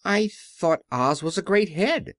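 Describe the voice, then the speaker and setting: A man's voice: sits high, lively intonation, slow, fairly bright tone, dry recording, clean studio sound, voice pushed up, exaggerated voice. A man doing an earnest little farm girl.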